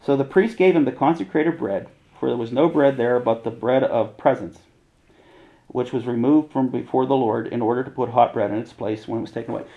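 A man with a gravelly edge to his voice leads a casual Bible teaching. He reads scripture passages aloud, then breaks them down in loose, everyday slang. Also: medium pitch, brisk, lo-fi sound. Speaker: preacher.

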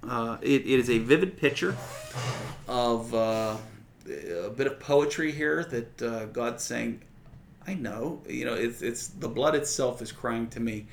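Gravelly-voiced man preaching casually. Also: mid-range voice, a little slow, slight background noise. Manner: conversational teaching with many fillers, quoting scripture aloud. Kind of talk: sermon.

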